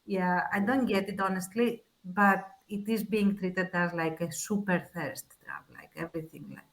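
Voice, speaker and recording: Lady chatting on a podcast, bright clear voice, frank and chatty. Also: on the low side, low-quality recording. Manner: frank, chatty, quick to laugh. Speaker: podcast co-host. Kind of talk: casual chat.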